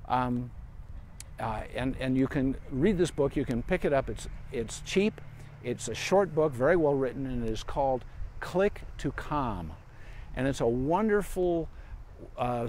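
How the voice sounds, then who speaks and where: A man's voice: medium pitch, a little mellow, slight background noise. A man, a veterinarian, giving dog training advice in a casual, rambling live-stream Q&A outdoors in a park. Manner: chatty and rambling, with asides and fillers.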